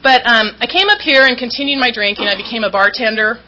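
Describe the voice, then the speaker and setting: A woman's voice: a little high, fast talker, pushed and bright, dull audio. A woman from Southern California candidly telling her recovery story at a meeting, self-mocking and acting out what people said.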